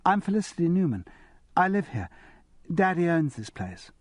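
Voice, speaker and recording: A man's voice: a little high, very animated, moderate pace, no echo, clean studio sound, pitched above the performer's own voice. A man voicing a giggly posh English schoolgirl. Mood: chatty. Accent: English public school. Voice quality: bright and girlish. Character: young posh English girl, giggly, eager.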